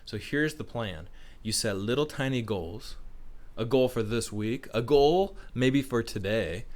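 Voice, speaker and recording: A man leading a morning school assembly for young children, upbeat and encouraging, talking fast. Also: fairly low pitch. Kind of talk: morning announcements to young students.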